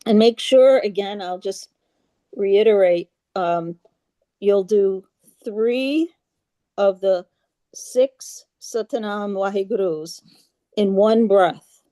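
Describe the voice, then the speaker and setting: A woman guides a group through a meditation over a video call, speaking slowly with a mellow, soft tone. She is patient and halting, full of little fillers, and chants her mantras in an even monotone. The sound is dry and close. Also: mid-range voice, dry recording. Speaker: yoga class leader.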